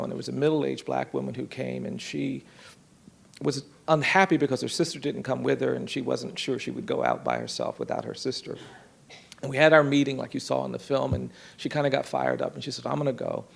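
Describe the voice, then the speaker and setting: A man telling a story from his work in an earnest, measured way, voicing the people in it softly. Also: mid-range voice. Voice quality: gravelly, husky. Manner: earnest, measured storytelling with soft quoted voices. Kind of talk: storytelling talk.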